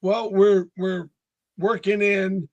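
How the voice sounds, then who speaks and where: A talkative man in his sixties from North Carolina with a notably high speaking voice, chatting casually as an interview guest. He spins stories and slips into the voices of the people in them. The sound is close and dry, with no room around it. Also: little pitch movement, takes it slowly, no room sound, lo-fi sound. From North Carolina, USA. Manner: chatty storyteller, acts out other people's lines. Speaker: band frontman, interview guest.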